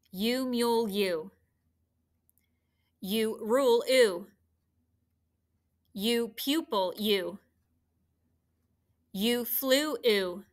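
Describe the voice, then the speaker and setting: Woman, teacher, phonics lesson for children, clear and encouraging, bright tone. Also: mid-range voice.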